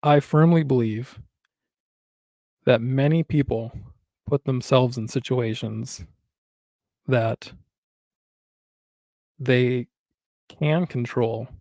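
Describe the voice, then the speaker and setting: A podcast co-host from Wisconsin. His voice has a rough, gravelly edge, and the recording is close and dead. He tells stories by playing out each side of the exchange. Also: mid-range voice, extremely slow, pauses often, no echo. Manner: animated storyteller who acts out both sides of a conversation. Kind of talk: casual chat.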